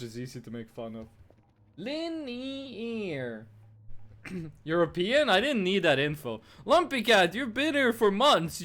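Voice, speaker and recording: A man's voice: high-pitched, fairly bright tone. A young man streaming a game, chatting playfully with his chat and teasing them while he plays.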